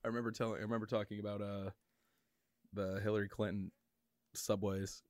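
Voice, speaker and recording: A man's voice: lowish voice, level tone, a little fast, no room sound. A man co-hosting a podcast, joking and swearing in casual banter and laughing a lot. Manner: joking, profane, giggly.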